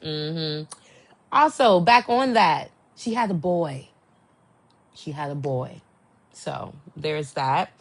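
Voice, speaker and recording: A young adult woman hosting a podcast, chatting casually and gossiping with animated, swooping exclamations. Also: low voice, slow, long pauses. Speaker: podcast host. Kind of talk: casual chat.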